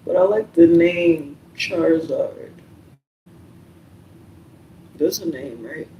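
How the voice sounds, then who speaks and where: Soft-spoken young man rambling in an echoey room. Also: on the high side, slight background noise. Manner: soft-spoken, meandering, many fillers and pauses. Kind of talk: casual rambling chat. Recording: echoey room, mic at a distance.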